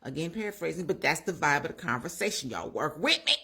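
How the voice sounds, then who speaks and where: A woman hosting her own channel, chatting through a recap of comedy skits in a lively, storytelling way and talking straight to her viewers. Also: low-pitched, fast, creaky, slightly rough. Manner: animated storyteller who acts out the characters' lines; chatty, addresses viewers directly. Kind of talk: casual recap and commentary.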